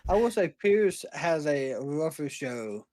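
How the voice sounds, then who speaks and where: A man's voice: a little high, animated, slow, darkish tone, no room sound. A man co-hosting a casual wrestling chat, enthusiastic and chiming in with short agreements and opinions. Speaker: podcast co-host.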